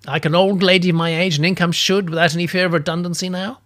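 A man's voice: high-pitched, little pitch movement, fast talker, a bit bright, pitched above the performer's own voice. A man voicing an idle, gin-soaked older woman office worker, prim and huffy, in a raised voice.

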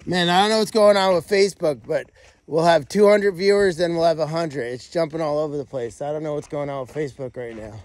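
A man's voice: on the high side, a little fast, no room sound. A middle-aged man on a casual livestream, chatting to rescue pigs and calling their names outdoors on a farm. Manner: chatty, talks to pigs, calls names loudly. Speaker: animal sanctuary caretaker.

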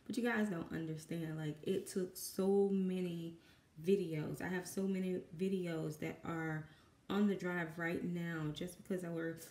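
A woman's voice: fairly low pitch, fairly even intonation, unhurried, dark tone. Nervous Southern woman rambling. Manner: rambling, self-conscious, many fillers. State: dry voice. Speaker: artist and mother. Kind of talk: nervous painting vlog. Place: home room with kids in the background. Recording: echoey room.

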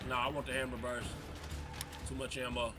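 A man giving live gameplay commentary, loud and excitable, trash-talking in slang. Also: medium pitch, a little fast. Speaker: gamer. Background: game music and gunfire.

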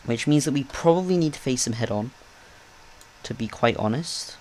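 A man hosting a gaming channel, giving live, excitable and jokey commentary as he plays. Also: medium pitch, moderate pace, slight background noise. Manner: excitable, jokey, talks to himself.

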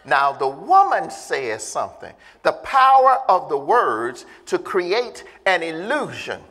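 A pastor preaching a sermon, speaking emphatically and drawing in the congregation with questions. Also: male voice, on the high side, huge pitch swings, slow, pushed and bright. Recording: long reverb of a church hall.

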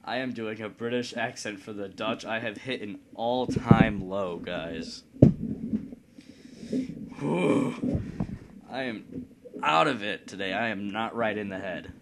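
A man's voice: fairly low pitch, slow pace, vocal fry, long pauses, very noisy. A man from Indiana giving casual, rambling gameplay commentary at his computer, joking and poking fun at himself. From Indiana, United States. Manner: rambling, joking, self-deprecating. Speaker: let's play host. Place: at home computer.

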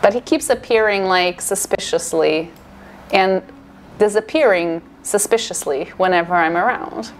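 Excitable woman, unhurried game commentary, mid-pitched, self-correcting. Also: slight background noise. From Portugal or Brazil (Portuguese-speaking). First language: Portuguese. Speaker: gaming streamer and marine biologist. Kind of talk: casual gameplay commentary.

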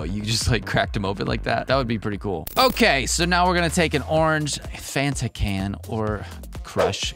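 A man's voice: medium pitch, a bit bright. A man giving casual commentary on a reaction video, bemused and rambling, constantly questioning what he sees. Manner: bemused, keeps asking questions, rambling asides.

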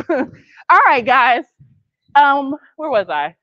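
A woman coaching a youth basketball practice, calling brisk directions and praise and gently correcting the kids. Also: sits high, sing-song, dry recording. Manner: brisk, directive calls and encouragement; patient, gentle correction of the group. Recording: dull, dry lo-fi sound.

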